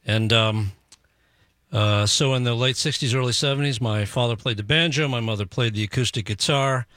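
A man from New York City, a lead guitarist guest on a radio show, recounting his past at a measured pace with fillers. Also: mid-range voice, a bit bright, dry recording, studio quality. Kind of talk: radio interview.

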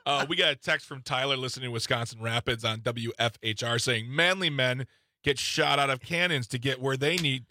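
A man's voice: mid-range voice, brisk, sharp tone, no room sound. A man co-hosting a radio talk show, joking and teasing in casual chat. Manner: joking, self-mocking.

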